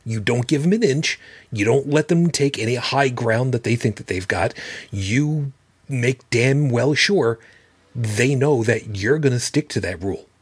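A man's voice: medium pitch, unhurried, slightly rough, no room sound. A man hosting a livestreamed podcast who talks casually, bluntly and with plenty of swearing. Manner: blunt, profane, emphatic. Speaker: podcast host.

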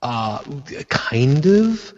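A man's voice: medium pitch, big pitch swings, drawn-out words, highs cut off. A man co-hosting a casual podcast, talking in an exasperated way with many restarts and blunt jokes. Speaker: podcast co-host.

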